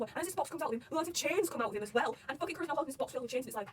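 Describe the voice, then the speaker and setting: A woman talking loudly and excitedly about a manga, swearing constantly in casual fan commentary. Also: high-pitched, racing, few pauses, recorded from a distance, a little hiss or hum. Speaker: manga reaction vlogger.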